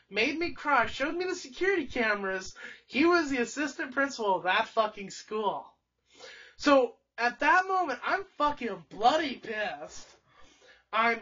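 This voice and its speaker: A young adult live streamer rambles through a long grievance, cursing freely and stumbling into restarts. The voice sounds a little husky and sits well back from a muffled, lo-fi microphone. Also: medium pitch, a bit bright. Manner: heavy swearing, angry, restarts a lot. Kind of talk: casual rambling storytelling. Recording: distant, dull lo-fi stream audio.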